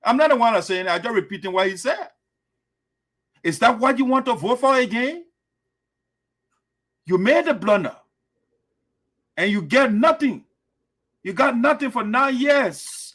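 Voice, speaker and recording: A man's voice: very high voice, expressive, moderate pace, pauses often, a bit bright. A man hosting political radio commentary, scornful and lecturing. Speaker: host.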